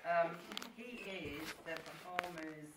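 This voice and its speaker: Woman, lowish voice, wedding toast, echoey hall, distant camera, loud background chatter. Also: takes it slowly, very noisy. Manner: joking, warm toast, laughing through stories. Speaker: wedding speech giver. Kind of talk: wedding reception speech. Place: large room at a wedding reception. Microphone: far camera.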